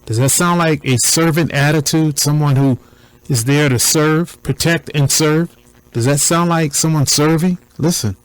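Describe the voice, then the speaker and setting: A man commenting on a recording in a deliberate, preacher-like cadence, repeating points for emphasis. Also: fairly high pitch, smooth, rough recording.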